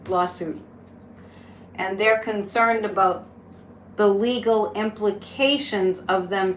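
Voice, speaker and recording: A woman's voice: medium pitch, a bit bright, slight background noise. Chatty woman live-streaming in an echoey room. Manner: chatty, laughs often, incredulous asides. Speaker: psychic livestream host. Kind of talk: casual live-stream commentary. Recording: echoey room with faint ambience.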